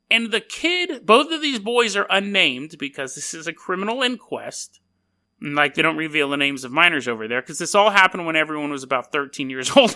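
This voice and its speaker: Bright high-voiced rambling male podcaster. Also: sing-song, moderate pace. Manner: rambling, self-deprecating, jokey asides. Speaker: podcast host. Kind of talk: casual storytelling podcast.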